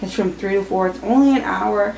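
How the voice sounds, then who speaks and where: A woman's voice: medium pitch, a little fast, vocal fry, dark tone, a little hiss or hum, rough recording. A young woman talking casually to camera about her day at home, chatty, at times cooing to a fussy baby. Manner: chatty, soothing baby in a sing-song voice. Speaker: vlogger, mother. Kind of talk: casual family vlog talk to camera.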